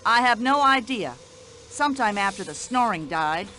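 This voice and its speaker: An actress voicing a brash, nosy older American widow in a video game, speaking in an indignant, chatty American accent. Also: female voice, medium pitch, expressive, moderate pace, sharp tone, a little hiss or hum.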